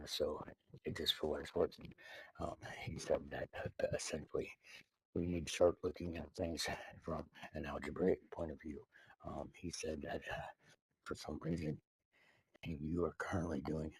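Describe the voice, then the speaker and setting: A man rambling to camera in a halting, mock-earnest monologue full of hesitations, addressed to the president. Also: rumbling low, flat delivery, breathy edge, no echo, rough recording. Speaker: video maker addressing the president.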